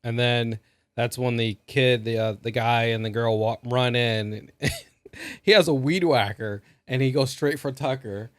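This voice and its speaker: A podcast co-host with a mid-range, steady voice recaps a movie without hurrying. The recording has no echo, and his casual review chat rambles along, full of fillers.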